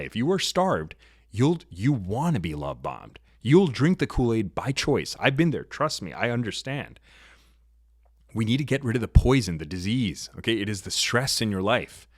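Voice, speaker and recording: Male host, low-pitched, assertive lecturing monologue, dry close sound. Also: dry recording. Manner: assertive, lecturing, shifts pitch and volume often. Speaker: podcast host. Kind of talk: casual opinionated monologue.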